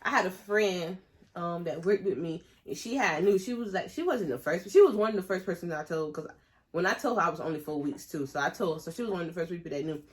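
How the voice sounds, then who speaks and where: Chatty young woman, lower voice. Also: expressive, fast talker. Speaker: vlogger's sister. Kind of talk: casual storytime chat.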